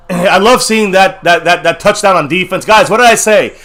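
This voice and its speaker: A fired-up man co-hosting a fan game-day stream, his voice worn and going hoarse. He sits a little high for a man and calls each play as it happens. He bursts into excited shouts over big moments. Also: normal speed, faint music behind. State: losing his voice. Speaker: co-host of a fan watch-party stream. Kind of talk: live game reaction chat.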